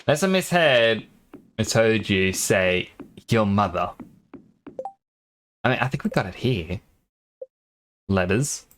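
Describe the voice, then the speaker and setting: A man's voice: on the low side, very animated, unhurried, pauses often, fairly bright tone, a little hiss or hum. A sleepy young man streaming a game, chatting in a rambling way and laughing often. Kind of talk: casual gaming stream chat.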